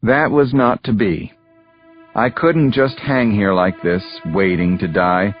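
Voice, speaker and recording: A man narrating an audiobook in the first person, measured and grave. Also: fairly low pitch, soft background music. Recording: dull, muffled dry recording.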